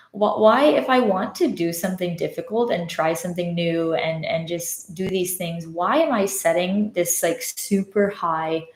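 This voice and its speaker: Casual woman host, reflective and candid, recorded on a phone in an echoey room. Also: fairly low pitch. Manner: candid, reflective storytelling with frequent "like" fillers. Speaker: podcast host and love coach. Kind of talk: casual live-stream monologue. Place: indoors at home, live on social media.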